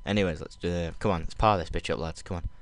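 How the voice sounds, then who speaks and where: A young man with a Northern English accent giving sweary, excitable commentary over his own gameplay, slipping into London slang. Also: low-pitched, fast, no room sound. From Northern England. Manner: sweary, excitable outbursts between mumbled asides. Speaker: gaming video creator.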